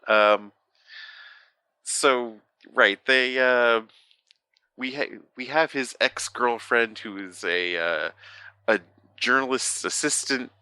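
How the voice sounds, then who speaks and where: A man's voice: mid-range voice, sharp tone, smooth, dry recording. A man co-hosting a podcast, rambling through a casual chat full of fillers and the odd swear word. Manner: rambling, profane, halting with many fillers. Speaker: podcast co-host.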